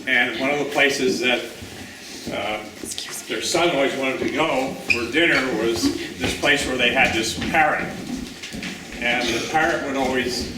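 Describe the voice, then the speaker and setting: A man's voice: mid-range voice, unhurried. A man speaking at a memorial luncheon, telling rambling anecdotes full of fillers about a friend. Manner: rambling, warm storytelling with fillers. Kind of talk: personal remembrance at a luncheon. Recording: distant voice in an echoey room with noise.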